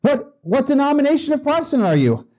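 A man's voice: very high-pitched, big pitch swings, fast talker, a little mellow, pitched above the performer's own voice. A man voicing a petty, zealous Baptist man who tells a joke in an emphatic, rising delivery. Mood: lively.

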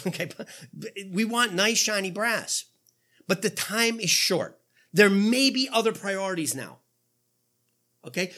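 A man's voice: sits high, sharp tone. A man in his fifties preaching a conversational sermon in a church, putting rhetorical questions to the congregation in an informal way. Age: 50s. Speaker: pastor.

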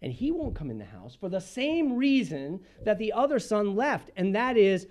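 Dramatic preacher, loud then hushed. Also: medium pitch, very animated, moderate pace. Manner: dramatic swings from loud emphasis to hushed, near-whispered passages; acts out the voices of the people he describes. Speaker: pastor. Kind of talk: sermon.

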